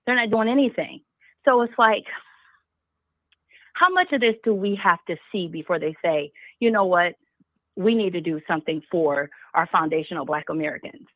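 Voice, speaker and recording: A woman's voice: fairly low pitch, lively intonation, dry recording. Passionate woman caller on a phone line. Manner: passionate, rhetorical questions, rapid asides. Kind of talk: call-in talk.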